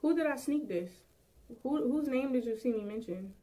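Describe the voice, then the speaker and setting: A woman's voice: high-pitched, lively intonation, normal speed, mellow. Upset woman venting on a livestream. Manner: upset, irritated, venting to viewers. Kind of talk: livestream talk to chat. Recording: distant sound from a played-back livestream.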